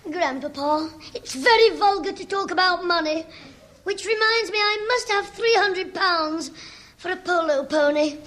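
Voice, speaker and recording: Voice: very high-pitched, a little slow, pushed and bright, heavily acted. An actor playing a cheeky, back-chatting schoolboy in a 1960s radio sitcom. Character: cheeky cockney-free schoolboy, small, impudent.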